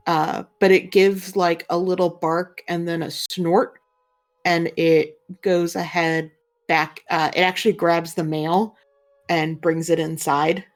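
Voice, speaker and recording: A young woman narrating a tabletop role-playing game as game master, describing scenes in a relaxed, meandering way. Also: lowish voice, slow pace, faint music behind. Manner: relaxed, filler-heavy description.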